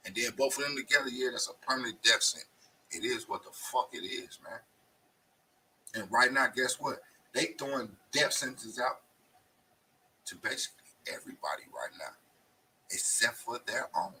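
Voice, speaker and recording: A man's voice: mid-range voice, animated, moderate pace, pauses often, bright, forceful tone, recorded from a distance, slight background noise, rough recording. A male show host delivering a blunt, profane, emphatic monologue straight to his viewers. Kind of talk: casual ranting monologue.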